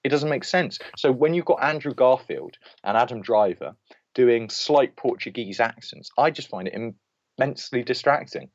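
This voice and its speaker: This podcast co-host has a mid-range voice, and there's no room sound on the dull lo-fi recording. He rants through an opinionated film review in casual conversation, restarting many times.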